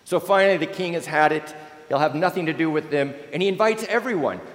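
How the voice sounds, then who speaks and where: A male pastor giving a sermon with expressive preaching that swells and drops to near-whispers, in a church. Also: on the high side, quick pace, roomy sound, in a large hall, low-quality recording.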